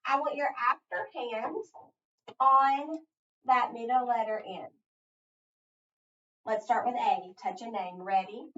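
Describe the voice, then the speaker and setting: A woman's voice: on the high side, takes it slowly, pauses often, fairly bright tone. A middle-aged woman teaching phonics to a child, asking patient prompting questions. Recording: echoey, distant, dull recording.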